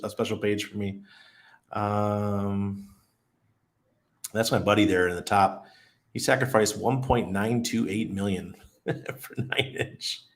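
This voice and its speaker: A middle-aged man hosting a casual crypto live stream, chatty and laid-back, often laughing as he reads the chat aloud. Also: fairly low pitch. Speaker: crypto livestream host.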